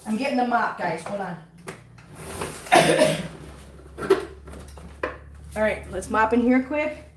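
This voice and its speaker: A woman's voice: on the high side, takes it slowly, very noisy. A woman with a lingering cough from a cold, chatting casually while she cleans up after her cats and baby-talking to them. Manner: baby talk to cats, giggly. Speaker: cat vlogger. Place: home with cats. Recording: echoey room, voice from a distance.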